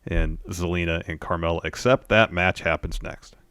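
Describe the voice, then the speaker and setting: A man with a very deep voice co-hosts a casual wrestling recap. He recounts segments in a plain, matter-of-fact way. His sound is dry and close to the mic. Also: steady tone, normal speed, a bit bright, clean tone, no room sound. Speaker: podcast co-host.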